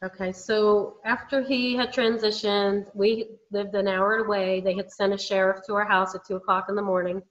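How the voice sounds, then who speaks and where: A woman's voice: medium pitch, fairly bright tone. Earnest woman medium on lo-fi call. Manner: earnest, reflective, restarts often. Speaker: medium, guest. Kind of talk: personal interview talk. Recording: lo-fi call audio.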